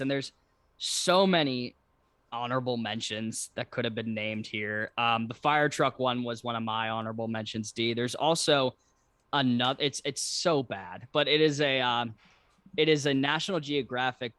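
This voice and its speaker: A man's voice: medium pitch, fairly bright tone, smooth, dry recording. Laughing man in casual podcast chat. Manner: laughing, acts out quoted lines in voices. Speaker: podcast co-host.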